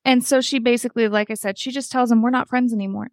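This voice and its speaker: Higher-voiced woman host, animated and foul-mouthed, recorded close and dry. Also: fast talker, no echo. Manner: animated, swears freely, acts out quotes. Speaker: podcast host. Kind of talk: casual recap chat.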